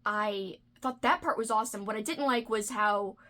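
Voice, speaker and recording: A woman's voice: medium pitch, normal speed, bright, forceful tone. A woman chatting casually in a book tag vlog, enthusiastic and filler-heavy. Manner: chatty, enthusiastic, uses lots of "like" and "freaking". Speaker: book vlogger.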